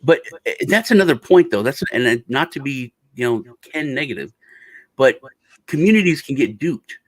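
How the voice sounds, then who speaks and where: A man hosting a casual crypto chat, animated and slangy, telling stories, calling everyone dude and man. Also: mid-range voice, normal speed, no room sound. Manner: animated storyteller, acts out quotes of others; swears casually, calls people dude and man. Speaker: channel host.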